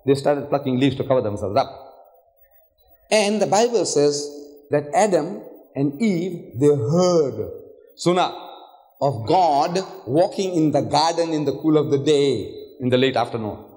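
An older man delivers a public lecture in a hotel hall, his fairly high voice swooping up and down as he acts out the voices in his stories. He fires off rhetorical questions at the crowd. His words ring with a long hall echo. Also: a little slow. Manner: animated storytelling with rhetorical questions; acts out voices in quoted dialogue. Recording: echoey hall reverb.

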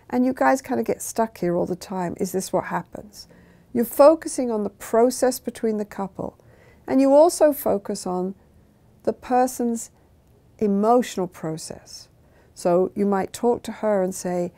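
An older woman therapist talks through her method in a calm, measured way. Her voice is mellow and dark in tone, at an ordinary pitch for a woman. She sometimes slips into quoted lines from a session. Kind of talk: calm explanatory talk.

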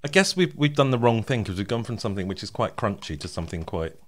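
Man, podcast co-host, casual chat, lowish voice, quick to laugh. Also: animated. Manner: chatty, laughs often, reads show plugs.

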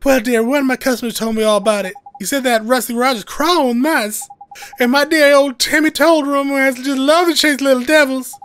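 A man's voice: very high voice, steady tone, brisk, a bit bright, a little hiss or hum, pitched above the performer's own voice. A man voicing a fussy, doting older woman who coos over her cat, reading game dialogue aloud. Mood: gushing. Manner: cooing, fluttery, sing-song.

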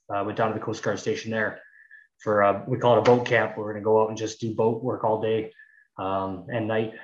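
Man, casual rambling talk, from Canada, roomy echo, dull lo-fi audio. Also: mid-range voice. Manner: relaxed, rambling with many fillers. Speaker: guest, search and rescue technician. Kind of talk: casual conversation.

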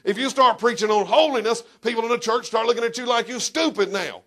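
A man preaching a sermon as pastor in a church, emphatic and animated, breaking into shouts and talking straight to the congregation. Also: extremely high pitch, fast.

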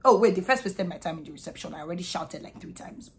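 A young woman from Nigeria with a Nigerian accent, telling a frank, animated story in a casual vlog. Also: on the low side, fast. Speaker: vlogger.

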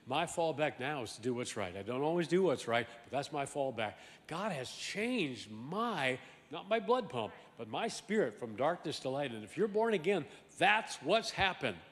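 Emphatic pastor with a higher voice. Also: male voice, normal speed, hardly any pauses, big-room sound. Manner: emphatic, swings from loud exclamations to low asides; animated, repeats words and restarts. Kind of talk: sermon. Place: large church sanctuary.

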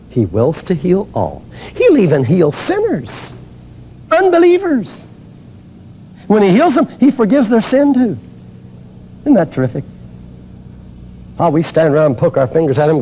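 An older man preaching a teaching sermon on healing, emphatic and exuberant, dropping to a hush and then rising to loud exclamations. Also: fairly high pitch, a little hiss or hum.

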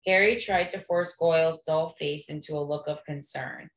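Low-voiced woman reading a story aloud. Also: steady tone, normal speed, few pauses, a little hiss or hum. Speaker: read-aloud host. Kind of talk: reading a novel aloud to listeners. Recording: echoey room.

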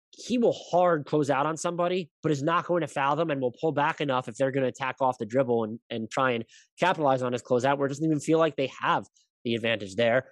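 A young man hosts a podcast in a loose, rambling way, stumbling over his words and correcting himself as he goes, with the odd swear word. His voice sits at an ordinary middle pitch. It is recorded close and dry, with no room sound. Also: dry recording. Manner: rambling, self-correcting, stammers and swears casually. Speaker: basketball podcast host. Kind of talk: casual podcast commentary.

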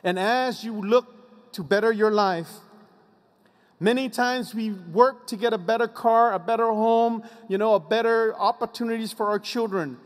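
High-voiced man giving a commencement speech. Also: measured pace. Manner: emphatic, drops low on repeated refrains. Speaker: commencement speaker. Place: graduation ceremony venue. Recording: long reverb of a large venue.

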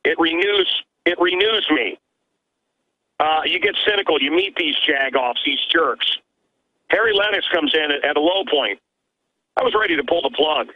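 A radio host calls in as a guest from his own studio, talking emphatically in an animated conversation full of stammering restarts. His voice is on the high side at a moderate pace, and it comes through a tinny, dry-sounding telephone line.

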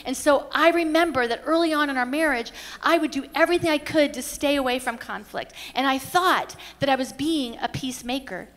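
A woman's voice: high voice, a little fast, hardly any pauses, a bit bright. A middle-aged woman pastor teaching at a conference, telling stories earnestly with frequent restarts. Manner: earnest storytelling with many restarts. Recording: reverberant hall.

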